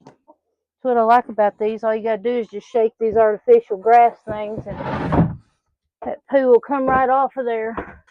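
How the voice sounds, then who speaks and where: Doing chores in a small farm's outdoor poultry pen, this farm vlogger talks casually and scolds her hens in a sing-song voice, as one would children. Her voice is on the high side with a flat delivery, a little slow, with frequent pauses. The lo-fi outdoor recording sounds dull and has no room sound.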